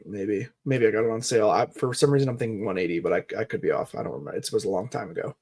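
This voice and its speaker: A man's voice: on the low side, rapid-fire, creaky, a little mellow, husky. A man in his thirties co-hosting a podcast, explaining in a rambling way with many fillers. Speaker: podcast co-host. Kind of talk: casual chat, market talk.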